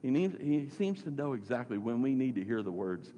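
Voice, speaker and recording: A man giving a conversational sermon, repeating phrases for emphasis and swinging between loud and hushed delivery. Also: mid-range voice, sing-song, a little fast, muffled recording. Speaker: pastor. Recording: long reverb, faint background noise.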